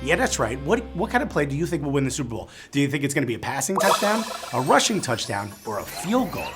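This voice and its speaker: A man's voice: fairly high pitch, very animated, fast talker, loud music behind the voice. A Cuban American man hosting a live trivia game show, reading questions and cracking chatty jokes between them.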